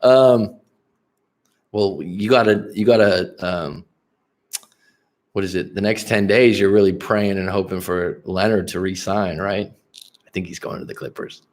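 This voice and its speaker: A man coaching viewers on a livestream in a blunt, profane, animated way, answering their comments. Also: low-pitched, measured pace, pauses often. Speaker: relationship coach.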